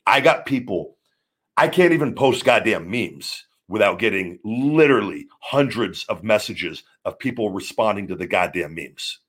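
Deep-voiced blunt rambling man. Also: expressive, moderate pace, fairly bright tone, slightly rough. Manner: rambling, blunt, swears freely. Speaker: show host. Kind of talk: casual live-stream talk.

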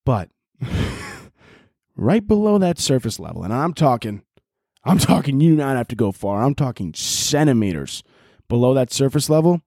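A man's voice: mid-range voice, big pitch swings, moderate pace, mellow, no room sound, clean studio sound. A man hosting a podcast, riffing in a rambling, profane, comedic monologue and laughing often. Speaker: podcast host.

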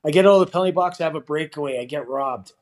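A man's voice: a little high, racing, poor audio. A man in his forties from Canada, a former pro hockey player telling stories in an interview, full of "you know" and acted-out dialogue. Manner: animated, acts out quoted dialogue, frequent "you know". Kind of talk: casual storytelling interview.

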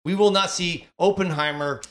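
Male co-host, high and bright, dry close sound, emphatic casual talker. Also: normal speed, dry recording. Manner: emphatic, repeats key points. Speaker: podcast co-host. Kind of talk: casual chat.

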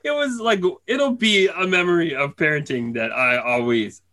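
Male co-host, bright and tense in tone, lively anecdote delivery with laughter and quick voice impressions. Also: fairly high pitch. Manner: animated storyteller who laughs and acts out family voices. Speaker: podcast co-host. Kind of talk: casual chat.

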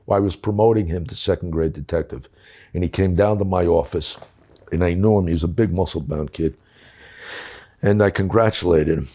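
A man's voice: sits low, brisk, mellow. An older man telling a war story from his police days, blunt and profane, acting out the dialogue. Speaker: former police commissioner. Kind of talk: casual storytelling.

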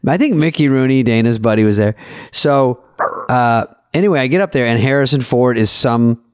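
A man in a casual podcast chat, spinning a rowdy, swear-laden story with animated energy. His voice sits in the usual male middle range. It is recorded close and dry, with no room around it. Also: medium pitch, normal speed, smooth, no echo. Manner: profane, animated anecdote-telling. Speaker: podcast co-host.

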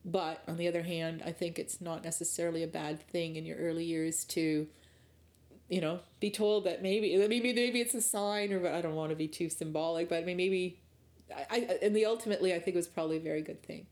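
A woman's voice: on the low side, fairly even intonation, fairly quick, a little mellow. A middle-aged woman from rural Ontario, Canada, recounting her early career in a candid, thoughtful interview. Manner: candid, thoughtful, with frequent restarts. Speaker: guest. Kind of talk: reflective interview storytelling.

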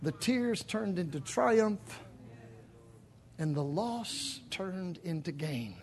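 A male pastor delivering a dramatic sermon in a church, swinging from shouted lines to near whispers. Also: high voice, sing-song, slow pace. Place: church sanctuary.

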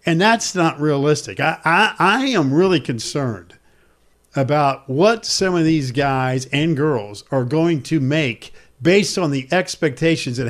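A man's voice: on the high side, expressive, a little slow. A man hosting a sports talk discussion, speaking earnestly and emphatically.

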